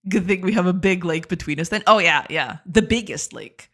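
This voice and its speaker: A woman's voice: lowish voice, moderate pace, a bit bright. A woman streaming her game development live, chatting casually, giggling and stammering in a self-deprecating way. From not from the United States.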